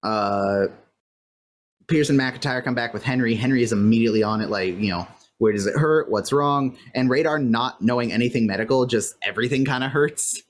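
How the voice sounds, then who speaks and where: A podcast co-host from California casually recaps a TV episode, rambling loosely and using many filler words. The voice is mid-range and fairly quick. A faint fan or air-conditioner hum sits in the background.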